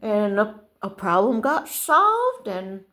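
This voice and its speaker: An older woman telling a casual rambling story to camera, halting and restarting often. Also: mid-range voice, very animated, sharp tone. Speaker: vlogger.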